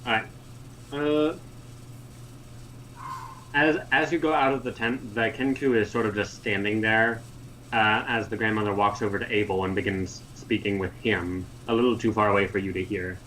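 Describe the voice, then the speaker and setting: A man narrating as game master in an online tabletop game, descriptive and unhurried, with many "uh"s and "like"s. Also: on the low side, fairly even intonation, fairly bright tone, a little hiss or hum, poor audio.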